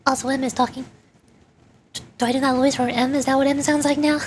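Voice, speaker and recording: A woman's voice: sits high, flat delivery, quick pace, pauses often, noisy background. A woman streamer chatting casually and giggling while playing a game. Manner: bubbly, giggly, rambling. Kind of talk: casual gaming chat.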